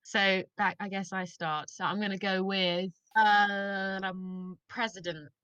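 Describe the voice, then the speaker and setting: A woman's voice: medium pitch, steady tone, slow pace, pushed and bright, clean tone, no room sound, highs cut off. A woman co-hosting a comedy podcast and running its games, giggly as she explains the rules. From England. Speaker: podcast co-host and game master. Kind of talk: casual podcast chat.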